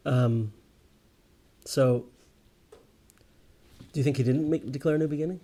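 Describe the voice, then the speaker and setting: A man of middle pitch leads a relaxed Torah class and talks like a storyteller. He restarts his sentences, tags them with "right?" and speaks at an everyday pace. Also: a little slow, pauses often. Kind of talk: casual spoken Torah class.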